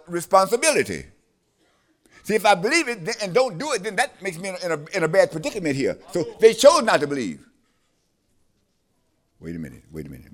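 A man's voice: sits high, fairly bright tone. A man preaching a sermon, emphatic and repeating his phrases, trading lines with a scripture reader.

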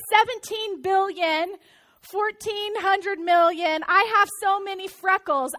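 Woman pastor, very high and bright voice, playful sermon storyteller. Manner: playful, self-mocking storytelling with bursts of excitement.

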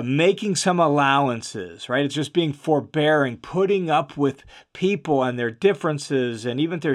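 Man teaching Bible, slightly high voice. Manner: conversational, steady, with frequent fillers and restarts. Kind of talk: explanatory Bible lesson.

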